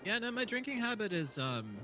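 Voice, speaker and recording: An American man telling stories in animated casual chat, getting defensive when teased. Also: sits high, brisk, dull audio, background noise. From United States.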